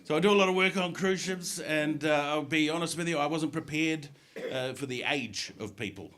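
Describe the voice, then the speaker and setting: A middle-aged man doing a stand-up comedy set, telling animated stories and slipping into acted voices, on stage in a comedy club. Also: a little high, moderate pace, slight background noise. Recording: live comedy club with audience laughter.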